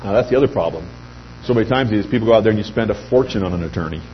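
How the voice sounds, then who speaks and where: A middle-aged man giving an anecdotal pitch speech to a live audience, telling lively stories and acting out quoted voices. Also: rapid-fire. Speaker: speaker addressing a sales audience. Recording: dull lo-fi recording with faint hum.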